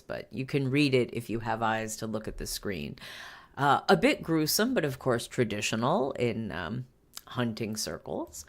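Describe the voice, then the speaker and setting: A woman's voice: a bass voice, wildly swooping pitch, unhurried. A woman hosting a commentary show, reading a news article aloud and breaking off for wry asides. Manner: wry asides and frequent self-interruptions.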